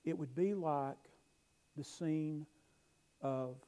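A middle-aged man preaching a sermon, telling stories with emphatic rises and quiet asides. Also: on the high side, slow, rough recording. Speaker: pastor.

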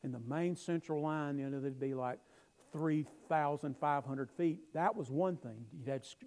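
A middle-aged man preaching a sermon, telling stories with emphatic rises and quiet asides. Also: medium pitch, rough recording. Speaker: pastor.

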